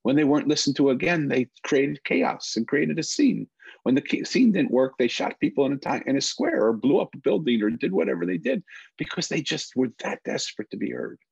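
Gravelly, husky middle-aged man. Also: fairly high pitch, animated, darkish tone, dry recording, highs cut off. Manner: earnest, halting restarts. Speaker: guest. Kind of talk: emotional personal storytelling.

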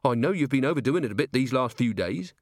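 A man's voice: mid-range voice, lively intonation, fast talker, no echo, studio quality. A man reading the part of an earnest, polite young watchman, raising his voice for him. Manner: polite, eager, says sir a lot.

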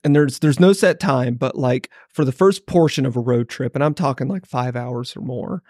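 A man's voice: medium pitch, normal speed, darkish tone, no echo, clean studio sound. A man co-hosting a podcast, telling rambling, self-mocking stories in casual chat. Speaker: podcast co-host.

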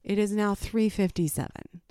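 Exasperated mom telling a story. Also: female voice, medium pitch, steady tone, moderate pace, warm tone, clean tone, no echo, studio quality. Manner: wry, exasperated retelling. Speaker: mother of four. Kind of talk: personal storytelling narration.

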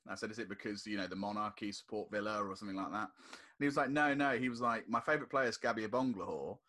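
Low-voiced man chatting football. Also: fast. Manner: animated storytelling, acts out quotes. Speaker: podcast co-host. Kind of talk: casual football podcast chat.

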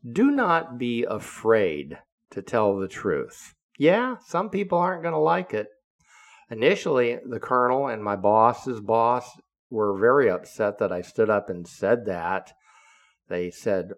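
A man's voice: medium pitch, very animated, a little slow. A man of seventy, a podcaster, telling a story in a blunt, profane monologue that turns heated when he quotes himself. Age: 70s.

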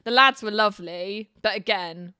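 A woman's voice: mid-range voice, normal speed, sharp tone, clear, resonant tone, dry recording, studio quality. A young woman from Devon, a podcast guest, telling candid, sweary stories in casual chat. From Devon, England.

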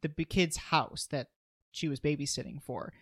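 A man's voice: a little high, normal speed, fairly bright tone, dry recording. A man co-hosting a podcast, chatting casually through a movie recap with eager asides. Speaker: podcast co-host.

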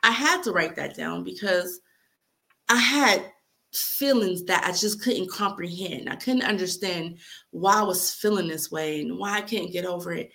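A woman's voice: fairly low pitch, moderate pace, gravelly, sharp tone. A young adult woman reading aloud a heartfelt letter she wrote, speaking earnestly and with emotion. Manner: earnest, heartfelt, near tears at times. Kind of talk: emotional spoken-word reading.

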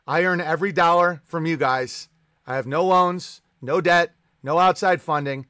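High-voiced, profane male streamer. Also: moderate pace, pushed and bright, dry recording, clean studio sound. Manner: profane, combative, sarcastic. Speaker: livestream host. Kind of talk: ranting live-stream chat.

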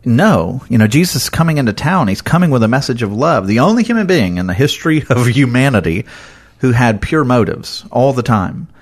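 A man giving an earnest, conversational sermon, animated and full of casual fillers as he talks through scripture. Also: medium pitch, a little fast. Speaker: preacher.

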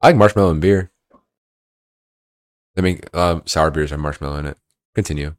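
A young man co-hosting a casual podcast chat, loud and incredulous, swearing freely. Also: a bass voice, normal speed. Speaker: podcast co-host.

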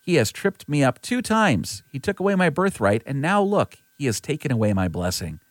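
A man's voice: mid-range voice, sing-song, moderate pace, dry recording, studio quality, pitched above the performer's own voice, natural voice. A man voicing a young man pleading with his father after being cheated of his blessing, in an earnest scripture reading. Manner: earnest, lightly voiced reading.

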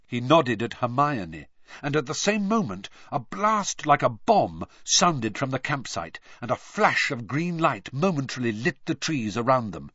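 A man reading a novel aloud as an expressive audiobook narrator. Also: mid-range voice, unhurried, no room sound, lo-fi sound. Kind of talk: scripted narration.

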